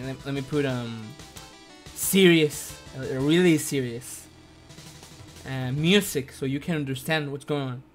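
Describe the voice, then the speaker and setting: A man chatting casually on a live stream as an animator, halting with many restarts and repeated words. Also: a little high.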